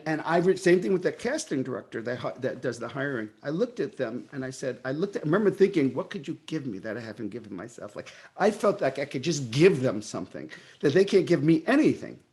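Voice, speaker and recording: A middle-aged man with a New York accent tells his story in a casual interview. His voice sits slightly high for a man. He throws himself into the remembered dialogue, acting out each part with energy. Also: fast. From Brooklyn, New York. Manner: animated, acts out his own past dialogue. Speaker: guest.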